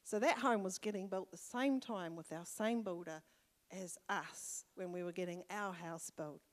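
A woman's voice: lowish voice, normal speed. An older woman with a New Zealand accent, a church elder giving a sermon testimony, telling a personal story with fervent exclamations. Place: church hall. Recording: long reverb of a church hall.

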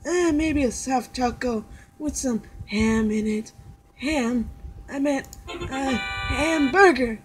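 Playful high-voiced woman gamer. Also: slow, soft background music, low-quality recording. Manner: playful, jokey. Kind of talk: casual let's play commentary.

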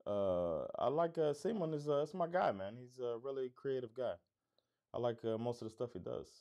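Gravelly and dark-toned, this medium-pitched male voice moves at a normal speed with plenty of animation. He's a middle-aged comedy club owner from Florida, neutral American in accent with just a hint of Florida, running a relaxed livestream where he reads viewer comments. He keeps things upbeat and easygoing, laughing often and throwing in "man" constantly.

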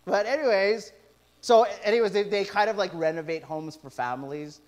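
A middle-aged man preaching from the pulpit in a fairly high voice. He tells stories with animated asides, acting out what people said. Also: normal speed. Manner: animated storytelling with quoted asides. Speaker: pastor. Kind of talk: sermon.

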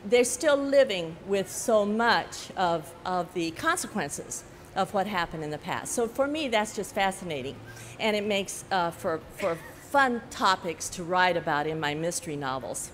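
An older woman author talking to an audience at a book festival, telling animated stories with frequent "you know" and laughing at her own anecdotes. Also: lowish voice, measured pace, a little hiss or hum. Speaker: author giving a talk. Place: large hall at a book festival. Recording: echoey hall with faint ambience.

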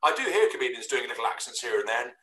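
A man's voice: medium pitch, big pitch swings, fast talker, pushed and bright, reverberant. A man hosting a casual chat, self-deprecating and full of tag questions. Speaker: host.

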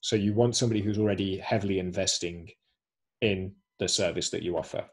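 A man's voice: low voice, a little fast, slightly rough. A man presenting a webinar over a video call, explaining screenshots step by step. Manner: explanatory, walks through screenshots.

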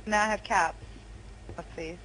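Slow-talking giggly woman gamer. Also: medium pitch, fairly even intonation, background noise. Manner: giggly, self-mocking, unhurried. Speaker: guest on game stream. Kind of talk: casual chat over online gaming.

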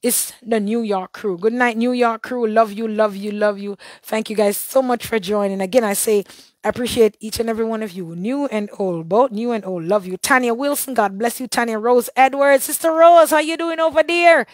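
A woman with a hoarse, worn throat hosts a casual live stream. Her voice sits a little high, and the sound is dry and close. She calls out viewers by name, with a churchy blessing for each. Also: normal speed, dry recording. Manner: warm churchy blessings and shout-outs. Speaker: livestream host.

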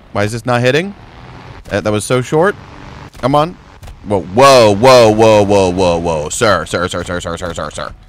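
A young man commentating his own flight game, muttering low play-by-play and yelping high and joking when things go wrong. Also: a little hiss or hum. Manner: excitable, jokey, yelps high when in trouble. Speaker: gaming streamer. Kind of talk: gameplay commentary.

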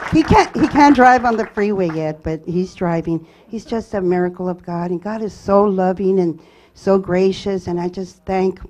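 Woman sharing her testimony at church, warm mellow voice, stops and restarts a lot. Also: mid-range voice. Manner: earnest, halting storytelling with many restarts. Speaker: church member giving testimony. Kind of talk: personal testimony.

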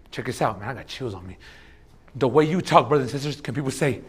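A man preaching a sermon as pastor, casual and animated, swinging between loud bursts and hushed asides. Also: medium pitch, fast, breathy edge.

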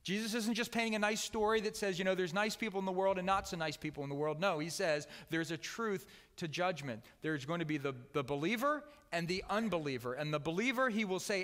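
A man's voice: high-pitched, brisk, hardly any pauses. Earnest male preacher in echoing hall. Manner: earnest, with wide swings in loudness, dropping soft on key words. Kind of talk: sermon. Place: church sanctuary.

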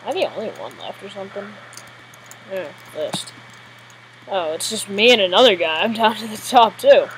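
Woman gamer, live play commentary, jumpy and giggly, mid-pitched voice, faint hiss behind. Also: moderate pace. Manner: excitable, jittery, giggly.

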